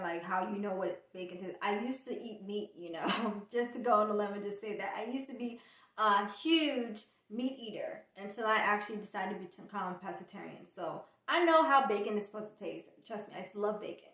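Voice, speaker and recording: A woman's voice: medium pitch, fairly quick, reverberant. A woman vlogger from the United States telling a travel story in a casual, chatty way, acting out the people she quotes. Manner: chatty, animated retelling with quoted dialogue.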